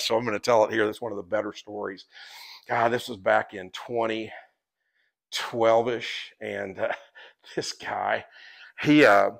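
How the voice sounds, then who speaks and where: A man's voice: fairly low pitch, vocal fry, fairly bright tone. A man who guides visitors and writes a guidebook. He tells stories in a rambling, chatty way and often breaks into laughter. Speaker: tour guide and guidebook author. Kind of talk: casual podcast storytelling.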